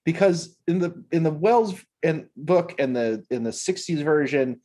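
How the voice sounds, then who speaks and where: A man's voice: on the high side, a little slow. Man in a chatty film podcast. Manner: animated, laughs often, acts out quotes. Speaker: podcast co-host. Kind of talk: casual chat about films.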